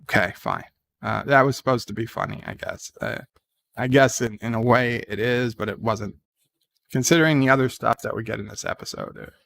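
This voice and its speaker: A man's voice: medium pitch, moderate pace, vocal fry, a bit bright. A man giving a casual, rambling recap of a TV episode, full of fillers and restarts. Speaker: show reviewer.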